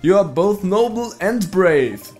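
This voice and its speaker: A man's voice: high-pitched, expressive, takes it slowly, darkish tone, soft background music, pitched above the performer's own voice. A man voicing a pompous game quest giver who speaks in a grandiose, fake old-fashioned way. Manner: grandiose, archaic phrasing.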